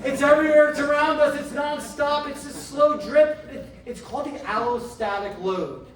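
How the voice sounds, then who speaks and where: A middle-aged man, a chiropractor, giving a motivational health talk to a live audience, asking them questions and slowing down to stress key phrases. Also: very high-pitched, a faint crowd. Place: indoor event room. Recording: roomy echo, mic from a distance, faint background noise.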